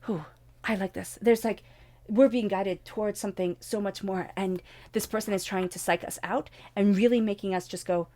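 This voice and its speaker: A woman reading tarot cards for her audience, talking with passion and repeating phrases for emphasis, then turning soft and hushed for blessings and meditation. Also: mid-range voice, steady tone, brisk, dry recording. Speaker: tarot reader.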